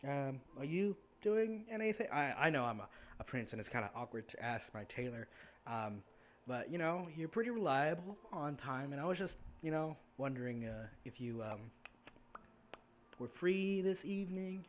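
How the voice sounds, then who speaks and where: A man's voice: on the high side, big pitch swings, normal speed, slight background noise, pitched above the performer's own voice. A man playing a shy, eager young prince. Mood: nervous, eager. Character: awkward hopeful young prince.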